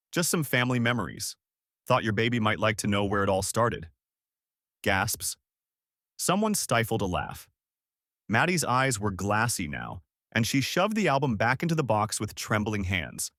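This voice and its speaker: A man with a fairly low voice narrates a first-person story. His delivery is steady and even. The sound is close and dry, with no room around it. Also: no room sound.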